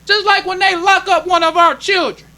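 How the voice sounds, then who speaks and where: A man's voice: very high voice, steady tone, moderate pace, bright, forceful tone. A male minister preaching a sermon in an emphatic, conversational way, drawing call-and-response from the congregation.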